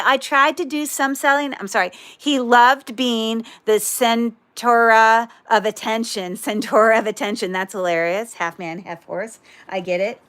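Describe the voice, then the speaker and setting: A woman with a mid-range voice and sharp tone hosts a livestream jewelry sale. She chats casually with viewers, rambling, breaking off mid-sentence and throwing in corny puns.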